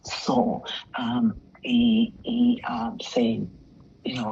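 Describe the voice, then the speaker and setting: Woman, gravelly, telling her story. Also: fairly low pitch, slow. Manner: animated, quotes dialogue, drops to near-whisper at times. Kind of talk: casual storytelling. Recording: dull lo-fi sound with faint noise.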